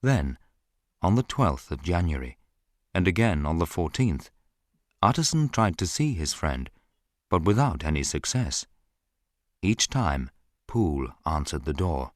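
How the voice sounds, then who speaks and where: A man narrates a classic story in a steady storybook reading. His voice sits very low and moves slowly. The sound is dry and close. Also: dry recording. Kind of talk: scripted audiobook narration.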